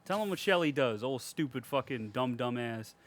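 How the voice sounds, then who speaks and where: A man co-hosting a podcast, recapping a movie in casual, profane chat, laughing a lot and getting loud and excited when he retells scenes. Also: medium pitch, normal speed. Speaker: podcast co-host. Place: home, cat in the room.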